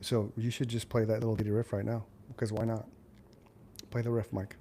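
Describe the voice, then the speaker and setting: A man's voice: lowish voice, little pitch movement, fairly quick, warm tone, a little hiss or hum. A man co-hosting a live show, chatting casually, teasing his co-host and acting out the voices in his stories. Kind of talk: casual chat.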